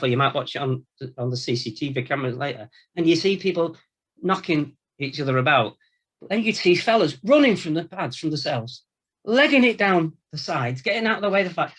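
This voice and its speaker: A male Catholic priest giving an informal Lenten talk, telling stories from his time as a prison chaplain in a lively, colloquial way. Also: a little high, breathy edge. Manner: storytelling, animated anecdotes with quoted voices.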